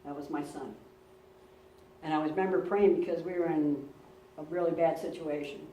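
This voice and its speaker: A woman pastor with a low, mellow voice keeps a steady tone and moderate pace as she preaches, earnestly telling personal stories and repeating words for emphasis. Recorded from a distance in a roomy church, the audio has slight background noise.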